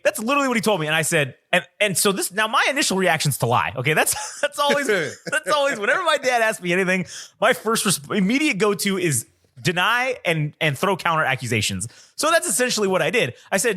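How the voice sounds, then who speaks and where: A man's voice: sits high, very animated, brisk, pushed and bright. A young man on a podcast, telling a story in a casual, profane, self-mocking way. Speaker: podcast co-host.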